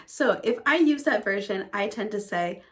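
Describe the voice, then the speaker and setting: A woman's voice: medium pitch, animated, normal speed. A woman music teacher explaining classroom methods to fellow teachers in a conversational, upbeat way. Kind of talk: educational talk to fellow teachers.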